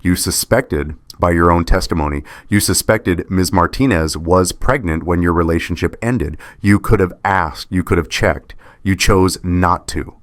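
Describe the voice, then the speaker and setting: A man voicing a stern female family court judge in a narrated story, steady and measured. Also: low voice, dry recording.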